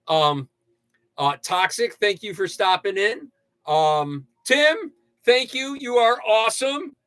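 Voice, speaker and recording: An older man hosting a casual livestream, ranting and joking with sudden loud outbursts. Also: a little high, dry recording. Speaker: livestream host. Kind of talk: casual livestream rant and sign-off.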